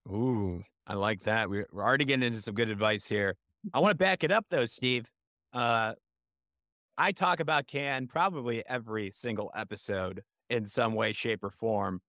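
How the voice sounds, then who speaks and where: A man's voice: lowish voice, moderate pace, no room sound, clean studio sound. A man with a Chicago accent hosting an advertising podcast, upbeat and playful as he interviews a guest. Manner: energetic, playful, hyped. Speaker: podcast host.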